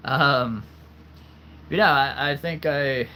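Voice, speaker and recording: A man's voice: mid-range voice, drawn-out words, pauses often, sharp tone, a little hiss or hum. A man chatting casually on a livestream, answering viewers with frequent laughter while losing his voice. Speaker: livestream host.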